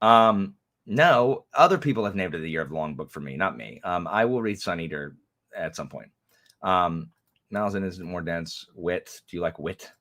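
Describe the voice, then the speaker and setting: Low-voiced joking man. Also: expressive, moderate pace, fairly bright tone. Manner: joking, teasing, rambling. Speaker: booktube co-host. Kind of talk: casual livestream chat.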